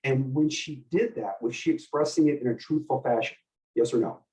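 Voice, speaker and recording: A middle-aged man coaching a group, animated and full of questions for the people listening. His voice sits in a plain middle range and comes from some distance off the mic. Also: mid-range voice, normal speed. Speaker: host and communication coach. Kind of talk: teaching a group session.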